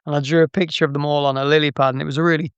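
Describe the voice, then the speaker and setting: A man's voice: on the high side, level tone, racing, clean tone, no echo, lo-fi sound. A middle-aged man, an interview guest, telling anecdotes in a chatty way with frequent restarts and laughs. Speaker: interview guest, game artist. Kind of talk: casual interview storytelling.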